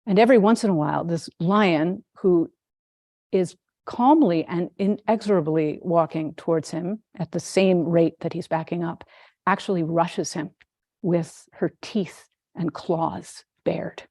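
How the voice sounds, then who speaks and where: Low-voiced woman giving a dharma talk. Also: dry recording, studio quality. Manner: unhurried, gently amused storytelling. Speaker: Zen teacher.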